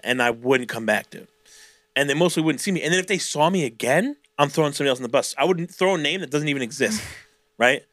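A man's voice: medium pitch, quick pace, no echo. A young man co-hosting a podcast, telling retail stories in a casual, swearing style and acting out customers. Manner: animated storytelling, swears a lot, acts out customers. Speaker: podcast co-host. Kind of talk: casual chat.

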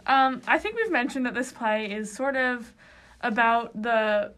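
A woman's voice: on the high side, unhurried, a bit bright. A young woman co-hosting a podcast in casual chat, giggly and trailing off mid-sentence. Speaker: podcast co-host.

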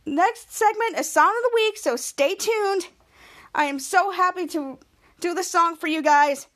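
High-voiced excited podcast host. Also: female voice. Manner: excited, acts out characters' lines while retelling. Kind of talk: casual episode recap.

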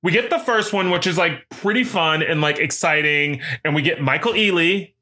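A man's voice: a little high, moderate pace, bright, forceful tone. A man co-hosting a podcast, chatting casually about a movie and acting out quoted characters in a jokey way. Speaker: podcast co-host. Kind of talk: casual chat recapping a movie.

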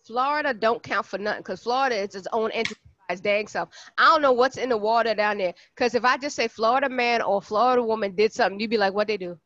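A woman from Brooklyn, co-hosting a casual podcast and acting out quotes in an animated way. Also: a little high, quick pace, no room sound. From Brooklyn, New York. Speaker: podcast co-host. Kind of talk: casual chat. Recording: dry, dull lo-fi sound.

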